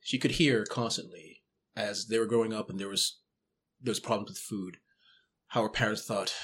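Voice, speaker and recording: Brief: male game master, husky voice, hushed storyteller. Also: mid-range voice, lively intonation, moderate pace. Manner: storytelling, trails off to a hush at grim parts. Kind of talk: narrating a tabletop game.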